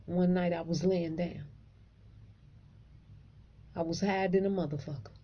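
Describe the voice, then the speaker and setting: A woman vlogger, telling a dream story casually, profane and animated. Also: lowish voice, unhurried, highs cut off.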